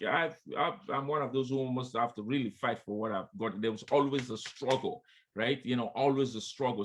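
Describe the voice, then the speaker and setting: A man with a mid-range, slightly breathy voice preaches a sermon, speaking directly to his listeners as his friends. He's emphatic, repeats refrains, and urges them on, calling out "come on, somebody."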